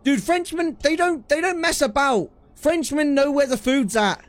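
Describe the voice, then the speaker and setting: A man chatting casually with his stream viewers, animated and laughing often, with "dude" in many of his sentences. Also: extremely high pitch, normal speed, no room sound.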